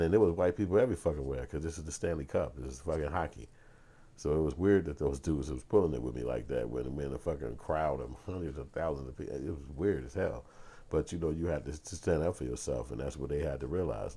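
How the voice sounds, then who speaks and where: Deep gravelly man, profane storyteller. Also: fast. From Chicago. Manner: profane, animated storyteller acting out heated confrontations. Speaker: vlogger and filmmaker. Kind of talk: casual storytelling vlog.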